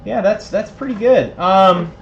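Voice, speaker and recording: A man's voice: high voice, measured pace, creaky, muffled recording, a little hiss or hum. A man hosting a casual livestream giveaway, laid-back, a bit tipsy and laughing often. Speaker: livestream host.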